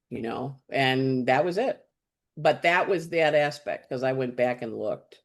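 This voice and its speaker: A woman astrologer, a guest on the show, telling a personal story in casual, lively talk. She speaks bluntly, swears freely and acts out the dialogue she quotes. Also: a bass voice, unhurried.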